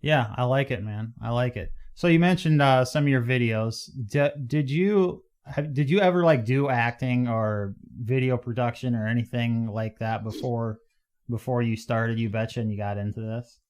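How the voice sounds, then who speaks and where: Casting: easygoing man hosting a podcast, mid-pitched, chatty, often restarting his questions. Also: moderate pace, darkish tone. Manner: casual, hesitant, with restarts. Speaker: podcast host. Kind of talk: casual interview talk.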